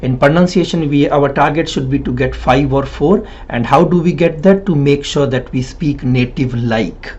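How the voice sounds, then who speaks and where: A man's voice: on the high side, normal speed, few pauses, a little mellow, breathy edge. Direction: Hindi-man coaching, emphatic. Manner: emphatic, repeats points, frequent tag "right?". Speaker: PTE and IELTS trainer. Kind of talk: spoken exam-coaching lesson. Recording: slightly dull lo-fi sound.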